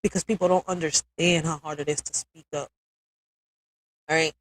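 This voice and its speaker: A woman's voice: deep voice, steady tone, moderate pace, low-quality recording. A woman hosting a live stream, talking emotionally and bluntly with lots of cursing, often checking in with "all right?". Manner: emphatic, builds to forceful peaks.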